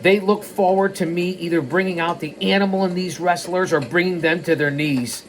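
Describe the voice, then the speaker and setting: A man hosting a storytelling show, reading in the first person and breaking into animated tangents. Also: sits high, moderate pace, slight background noise. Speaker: host.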